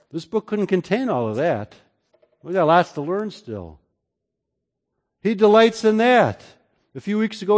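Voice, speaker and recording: A man preaching a sermon as pastor, moving between loud, emphatic lines and quiet, low passages. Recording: long hall reverb.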